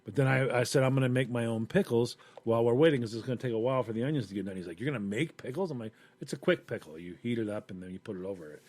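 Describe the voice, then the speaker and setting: A man chatting casually, telling a story with lively acted-out quotes. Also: medium pitch, rapid-fire, hardly any pauses, dry recording. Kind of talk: casual chat.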